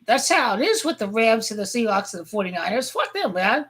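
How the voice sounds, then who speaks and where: A woman vlogger ranting crudely about football, rambling and heated, with sudden shouting outbursts. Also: fairly high pitch, sing-song, brisk, husky. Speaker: sports fan vlogger. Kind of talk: profane football rant.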